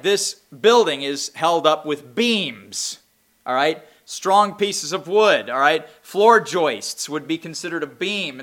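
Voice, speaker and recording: A man's voice: a little high, pushed and bright. A middle-aged man preaching a Bible-study sermon in a folksy, conversational way, often checking in with "all right?" and building to emphatic preaching.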